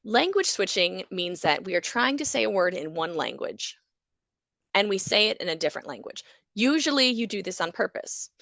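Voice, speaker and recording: A woman who is a university psychology lecturer, explaining everyday speech errors in a lively way and acting out examples. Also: medium pitch, normal speed, creaky, dry recording. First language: English.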